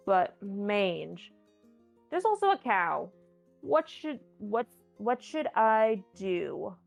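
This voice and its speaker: Gravelly-voiced woman hosting a game stream q&a, playful and rambly, faint music behind. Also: on the high side. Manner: playful and chatty, rambling with many restarts. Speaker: stand-in host answering viewer questions. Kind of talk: casual live-stream chat.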